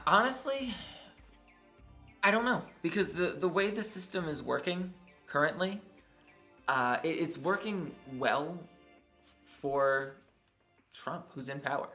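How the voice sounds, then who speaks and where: A man's voice: on the high side, animated, slow, long pauses, sharp tone. Brief: man from the US, podcast co-host, reasons things out in long run-on points, faint music underneath. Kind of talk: casual political podcast chat.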